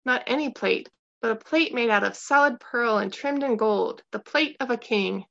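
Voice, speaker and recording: A woman voicing a confident man on trial who speaks in a calm, earnest way, on a dull lo-fi recording. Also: on the high side, normal speed, creaky.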